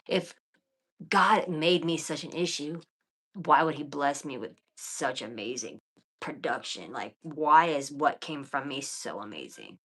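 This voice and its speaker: A woman's voice: sits low, animated, a little slow, a bit bright, husky. A woman in her thirties chatting casually on a late-night livestream, blunt and profane, often dropping into whispers and mutters. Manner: blunt, profane and defiant, talking to viewers. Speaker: livestream host.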